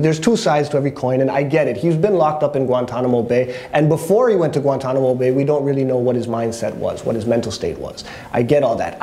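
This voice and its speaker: Mellow man giving his opinion. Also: medium pitch. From Canada. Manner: candid, conversational, thinking aloud with restarts. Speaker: host. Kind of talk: opinion commentary monologue.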